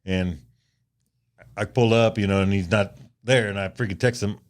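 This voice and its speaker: A man's voice: lowish voice, steady tone, moderate pace. An older man co-hosting a podcast, telling a long casual anecdote with lots of "you know" and chuckles. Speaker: podcast co-host. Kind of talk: casual storytelling chat.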